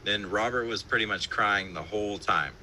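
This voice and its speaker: Bright-voiced man telling casual band stories. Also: lowish voice, normal speed, a little hiss or hum, poor audio. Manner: loose, profane storytelling with frequent laughs and fillers. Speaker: band musician, interview guest. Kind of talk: casual interview chat. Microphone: remote live-stream call.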